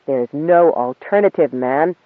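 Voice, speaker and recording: Guy doing a frantic young captain, begging for help, kinda high, tinny phone sound. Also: unhurried, dry recording, natural voice. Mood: pleading. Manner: urgent, agitated pleading. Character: desperate young male captain, pleading.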